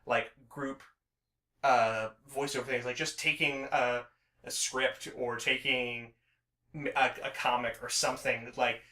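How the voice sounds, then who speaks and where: A man's voice: medium pitch, steady tone, unhurried, bright, forceful tone, echoey room. A man co-hosting a podcast in casual chat, rambling with many restarts and filler words. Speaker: podcast co-host.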